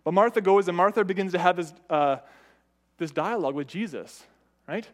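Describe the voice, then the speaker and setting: A man with a high voice preaches a sermon. He talks in a conversational way, keeps asking the listeners "right?", and raises and drops his voice for emphasis. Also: expressive, fairly quick. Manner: conversational, often asks "right?"; varies pitch and loudness for emphasis.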